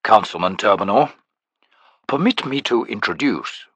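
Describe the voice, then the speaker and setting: A man's voice: on the low side, expressive, a little slow, fairly bright tone, husky, dry recording, heavily acted. A male narrator voicing a polite male alchemist who speaks with careful courtesy in an audiobook. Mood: courteous. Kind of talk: audiobook character voice.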